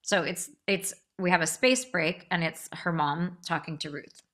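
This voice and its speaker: A woman's voice: fairly low pitch, a little slow, hardly any pauses, fairly bright tone. A woman lecturing on a novel, enthusiastic, stumbling over restarts and fillers as she reads passages aloud. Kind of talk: literature lecture.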